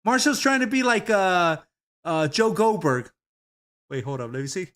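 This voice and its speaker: A man with a slightly high voice chats on a stream while he browses videos. He giggles often and rambles in a loose, profane way. His talk comes in casual bursts. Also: lively intonation, moderate pace, fairly bright tone. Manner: giggly, laughs often at what he watches.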